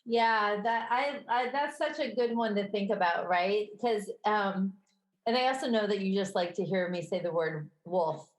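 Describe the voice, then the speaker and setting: A woman's voice: medium pitch, moderate pace. Midwestern woman co-hosting a chatty podcast. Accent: Midwestern American. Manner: conversational, laughs easily, self-correcting. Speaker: podcast co-host. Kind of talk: casual chat. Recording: roomy echo.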